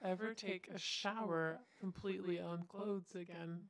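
A woman co-hosting a relaxed podcast chat with a mid-range voice. She throws in short, teasing questions. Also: fairly low pitch, unhurried, no echo. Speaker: podcast co-host. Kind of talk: casual chat.

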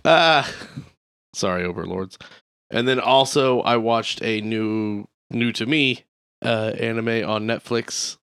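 A man's voice: on the low side, fairly even intonation, slow pace, a bit bright, clean tone, dry recording, clean studio sound. A man co-hosting a podcast, chatting casually and telling rambling, wry stories. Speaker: podcast co-host. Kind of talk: casual chat.

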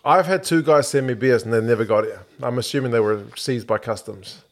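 A man's voice: medium pitch, brisk. Dry-voiced man in casual chat. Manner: dry, matter-of-fact, swears casually. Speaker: podcast co-host. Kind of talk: casual chat over beers.

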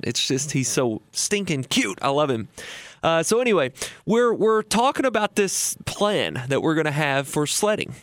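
A man's voice: medium pitch, a bit bright, no echo. A man in his thirties hosting a radio show on retirement, telling a story in a folksy, chatty way with fillers and restarts. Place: radio studio.

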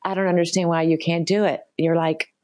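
A woman's voice: fairly low pitch, little pitch movement, a little fast, darkish tone. A woman in her fifties from the American South, talking earnestly and encouragingly as a guest in a casual interview. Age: 50s. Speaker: guest, style business founder.

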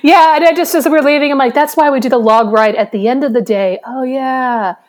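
A woman's voice: high-pitched, a little fast, a little mellow. A woman co-hosting a podcast, telling a rambling story in casual chat and often breaking into laughter. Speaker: podcast co-host.

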